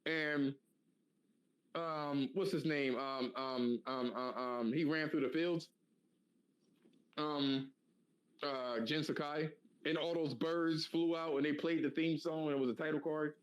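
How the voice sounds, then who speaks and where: A man co-hosting a podcast in a loose, casual chat, slangy and animated with lots of fillers. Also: on the high side, slow, muffled recording. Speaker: podcast co-host.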